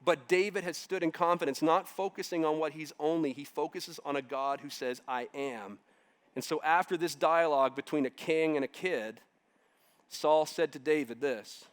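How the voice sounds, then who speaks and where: A man's voice: a little high, moderate pace. Man preaching a dramatic sermon. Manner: dramatic, building to emphatic declarations. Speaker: pastor. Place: church.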